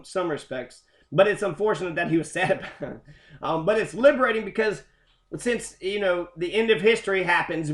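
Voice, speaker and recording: A man with a fairly high voice talks his way through politics in a loose, profane ramble, stopping and restarting his sentences. The sound bounces around an echoey room. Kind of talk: casual political monologue.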